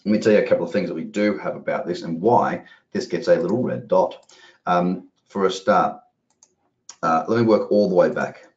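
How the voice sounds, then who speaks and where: A man's voice: sits low, moderate pace. A man giving casual, rambling live market commentary as a trading educator, chatty and casually profane. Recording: roomy, dull lo-fi audio.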